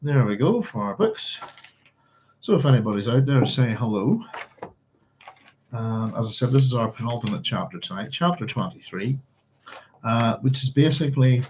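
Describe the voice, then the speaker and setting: Man, chatty book club host, rambles casually, mid-pitched, slightly muffled lo-fi stream audio. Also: a little mellow, a little hiss or hum. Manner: rambling, chatty, hums to himself. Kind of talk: casual livestream chat and reading.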